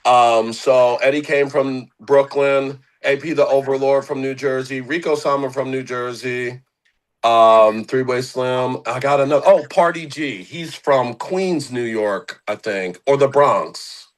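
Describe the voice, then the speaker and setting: Young male guest, casual slangy rambler, mid-pitched. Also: steady tone, measured pace, rough recording. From Philadelphia area. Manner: rambling, slangy, lots of fillers. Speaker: guest musician. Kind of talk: casual interview chat.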